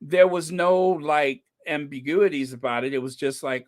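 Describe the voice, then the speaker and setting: A man's voice: a little high, fairly even intonation, normal speed. A man hosting a casual live podcast, chatting with viewers, thanking them by name and dropping wry, laughing asides. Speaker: podcast host. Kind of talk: casual commentary on live stream.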